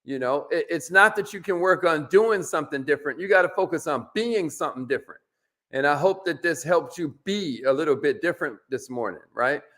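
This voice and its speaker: Guy hyping up his live stream viewers, high voice, shouts out names, lots of y'all. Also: a little fast. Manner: energetic, calls viewers by name, says y'all. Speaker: motivational live-stream host. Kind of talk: motivational live stream talk.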